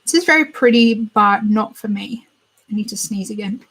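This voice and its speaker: A young woman with a slightly husky voice chats about new beauty releases. She gushes and thinks out loud as she browses, and her voice sits at an everyday middle pitch. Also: moderate pace, low-quality recording. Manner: chatty, gushing, thinks aloud while browsing. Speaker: beauty channel host. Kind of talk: casual chat.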